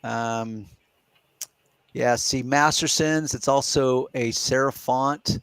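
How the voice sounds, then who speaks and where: A middle-aged man hosts a relaxed live Q&A, walking through his reasoning step by step. His voice sits at an ordinary middle pitch and sounds close and dry, with no room echo around it. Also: takes it slowly, smooth. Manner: explains step by step, reasoning aloud. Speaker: podcast host. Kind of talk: casual live Q&A chat.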